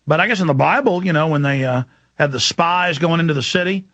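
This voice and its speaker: Gravelly-voiced man ranting into a mic. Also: fairly high pitch, fairly quick, fairly bright tone, dry recording, dull audio. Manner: rambling, emphatic storytelling. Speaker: radio talk show host. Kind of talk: monologue.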